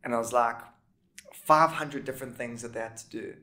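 A man's voice: medium pitch, fairly even intonation, fairly quick, pushed and bright. A man hosting a podcast, telling stories in easygoing casual chat. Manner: storytelling, easygoing, asks questions. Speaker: podcast host.

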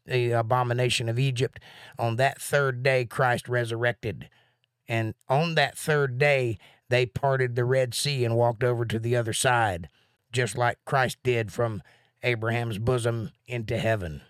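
A man teaching a live Bible study in a rambling, thinking-aloud way, a bit out of breath and excited. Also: medium pitch, smooth, no room sound, clean studio sound.

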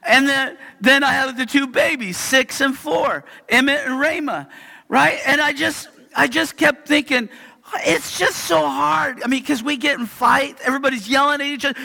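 Very high, bright-voiced male preacher in a reverberant hall. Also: normal speed, gravelly. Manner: animated storytelling, acting out scenes with sudden shouts. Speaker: pastor. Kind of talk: sermon. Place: church sanctuary.

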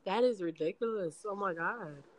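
A woman's voice: mid-range voice, moderate pace. A woman co-hosting a casual podcast chat, congested with a cold, blunt and slangy. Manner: blunt, slangy, incredulous reactions. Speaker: podcast co-host.

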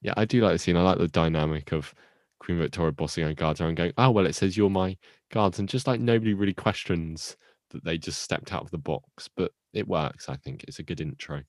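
A man's voice: low voice, brisk, darkish tone, no room sound. A man co-hosting a podcast, reviewing a TV episode in casual chat with dry, teasing jokes. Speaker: podcast co-host.

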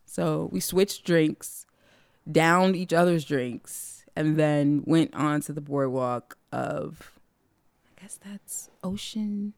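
A woman with a low, gravelly voice tells a personal story in loose, casual chat. She swears freely and jumps into the voices of the people she quotes. The sound is close and dry. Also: takes it slowly, no room sound. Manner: animated, profane, acts out quoted dialogue.

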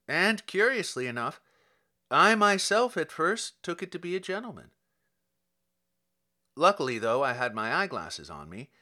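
A man's voice: a little high, big pitch swings, a little slow, pauses often, pushed and bright, full character voice. A man voicing a courteous, long-winded police officer who explains at length. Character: polite, rambling middle-aged male police officer.

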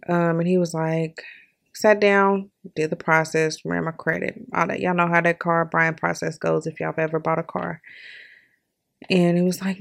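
A young woman hosting a podcast, telling a personal story in a candid, animated way with lots of laughs and filler words. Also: on the low side, normal speed, vocal fry. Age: young adult. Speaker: podcast host.

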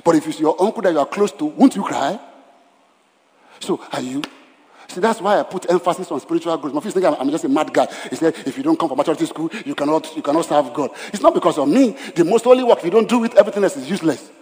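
A man preaching with a fairly high voice, acting out scenes and hammering his points by repetition. His sermon rings through a large church hall with a long echo. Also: lively intonation, quick pace, darkish tone. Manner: dramatic, acts out Bible scenes in voices; emphatic repetition. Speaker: pastor. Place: church service.

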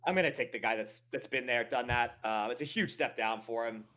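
A man co-hosting a fight-picks show, talking hesitantly with many pauses and fillers. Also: medium pitch, sharp tone. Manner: hesitant, full of ums. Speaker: regular co-host. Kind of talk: casual betting chat.

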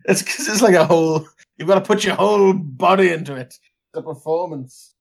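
A man co-hosting a casual podcast chat, often giggling and breaking into high laughs. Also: a little fast, creaky, husky. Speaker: podcast co-host.

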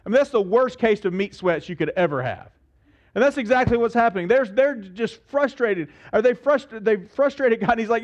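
A middle-aged man preaching a sermon as pastor, animated and acting out the voices in his stories. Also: sits high, fairly quick, muffled recording.

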